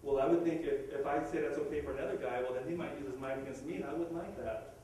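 A man arguing the atheist side in a live debate, quick and insistent, often restarting his sentences. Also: fairly high pitch, steady tone, warm tone, slight background noise. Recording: echoey room, far from the mic.

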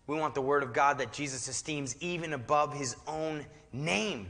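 A man's voice: on the high side, normal speed, gravelly, hardly any pauses, fairly bright tone. A male pastor preaching a sermon, shifting between easy conversational asides and fervent, emphatic exhortation. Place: church sanctuary. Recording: reverberant church hall.

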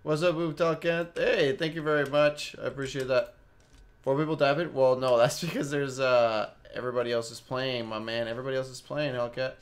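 A man's voice: medium pitch, fairly even intonation, fairly quick. A young Mexican-Canadian man casually rambling through live gameplay commentary and chatting with his viewers by name. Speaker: game streamer.

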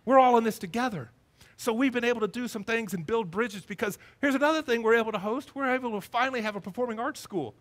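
In a church sanctuary, a pastor preaches a sermon in a very high voice at a quick pace. He tells his stories animatedly, acting out the voices of the people in them.

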